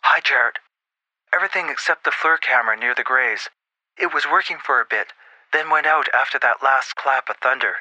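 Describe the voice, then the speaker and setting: A hesitant young woman answering over a radio, as a male narrator puts her on. She speaks softly with a bright, sharp tone. The sound is dry and close. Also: medium pitch, a little fast, dry recording, dull audio, pitched above the performer's own voice.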